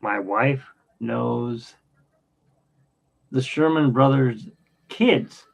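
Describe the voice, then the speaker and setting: A man in his fifties talks in a gravelly, creaky voice, drifting from story to story with many ums and restarts. His pitch sits in the middle range. The sound is dull and lo-fi. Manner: rambling, anecdotal, halting with fillers. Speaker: podcast host. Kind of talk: casual rambling chat.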